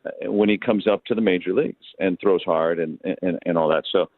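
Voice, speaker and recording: A male baseball announcer from Detroit chats as a guest in a casual phone interview, rambling through stories and restarting his sentences often. His low, steady voice runs a little fast over a thin phone line, with a dry sound.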